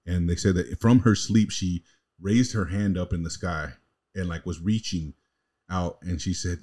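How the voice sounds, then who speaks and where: Deep-voiced man telling a rambling story. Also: steady tone, a little slow, warm tone. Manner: rambling, slangy storytelling full of "like" and "bro". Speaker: podcast co-host. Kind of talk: casual chat, storytelling.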